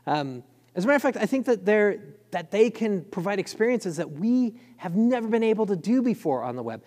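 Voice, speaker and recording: A man giving a conference talk, quick and excited, with lots of fillers. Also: high voice. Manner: fast, enthusiastic, filler-heavy. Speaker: conference speaker. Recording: long hall reverb.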